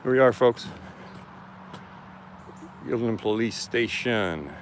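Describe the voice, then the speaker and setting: A man's voice: on the low side, animated, slow pace, a little hiss or hum. A man chatting casually on a live stream outdoors, greeting viewers by name as he walks around a police station, filming with a handheld camera. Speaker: live-streaming first amendment auditor.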